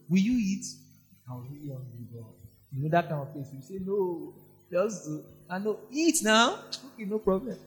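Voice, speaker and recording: A man with a Nigerian accent preaching a sermon, telling personal stories and swinging from soft asides to loud exclamations. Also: a little high. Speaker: pastor.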